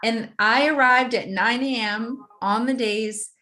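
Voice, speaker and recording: A woman guest in an interview, telling a personal story in a vivid, animated way and often laughing. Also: fairly high pitch, takes it slowly.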